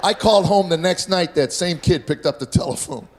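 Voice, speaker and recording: A middle-aged man performing a stand-up comedy set on stage, telling family stories with deadpan delivery and acted-out voices. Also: high voice, fairly quick, very noisy. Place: comedy stage before live audience. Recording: live show with loud audience.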